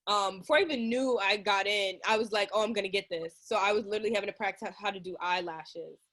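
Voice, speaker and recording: A young woman hosting an interview in a relaxed, slangy, casual way, teasing her guest. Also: mid-range voice, fast. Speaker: interview host. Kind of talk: casual chat.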